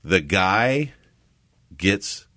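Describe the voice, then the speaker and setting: A man's voice: low-pitched, drawn-out words, no echo, clean studio sound. A man hosting a podcast, telling a story in casual chat with frequent laughs while acting out the people in it. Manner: animated, laughs often, acts out quoted voices. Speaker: podcast host.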